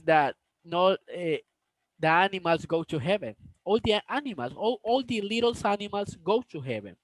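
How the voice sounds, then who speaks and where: A man slowly reading a novel aloud, stumbling and restarting on words, and stopping to talk to his viewers. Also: fairly high pitch, no echo, poor audio. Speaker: storybook reader.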